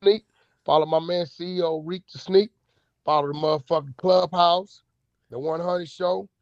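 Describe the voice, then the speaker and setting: Man, host, naturally loud, aggressive, blunt, lo-fi dry audio. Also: on the high side, fairly even intonation, normal speed, no echo. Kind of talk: heated casual chat. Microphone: online audio room.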